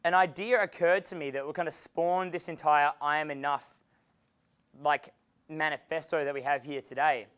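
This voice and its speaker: A man's voice: a little high, steady tone, normal speed, fairly bright tone, clean tone. A man giving a seminar as a dating coach, casual and chatty, swearing freely and laughing at his own stories. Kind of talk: seminar lecture.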